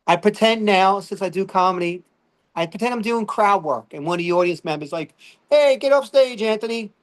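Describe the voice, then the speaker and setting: A middle-aged stand-up comedian works through a rambling set packed with fillers and "all right?" check-ins. His voice sits high and a bit bright, and he talks a little fast.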